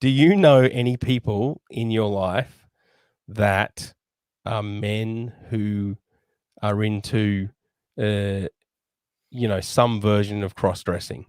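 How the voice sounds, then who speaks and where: A man co-hosting a podcast, reading out questions in casual banter with a deadpan manner and chuckles. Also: on the low side, slow, smooth, no echo. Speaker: podcast co-host.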